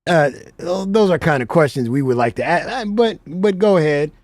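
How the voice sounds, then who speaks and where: Reaction host: slow, animated pitch, mocking, dry close sound. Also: dry recording. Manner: mocking, laughs often. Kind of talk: casual reaction commentary.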